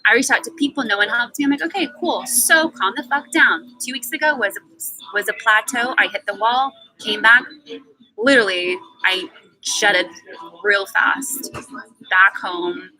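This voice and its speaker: Bright-voiced blunt woman in her twenties. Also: medium pitch, moderate pace, faint music behind, rough recording. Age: 20s. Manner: emphatic and blunt, swears freely, repeats words for stress. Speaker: live-stream host. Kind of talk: candid personal monologue.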